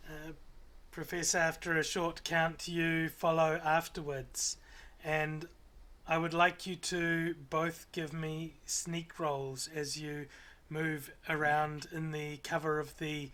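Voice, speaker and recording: Bright unhurried game master man. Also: fairly high pitch, level tone. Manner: unhurried, many filler pauses. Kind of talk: narrating a tabletop game.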